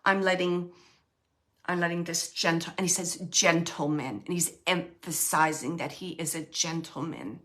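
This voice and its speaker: A woman giving a live mediumship reading, relaying messages in a halting, emotional way and often searching for words. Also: on the low side, fairly even intonation, fairly bright tone. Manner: emotional, close to tears at times.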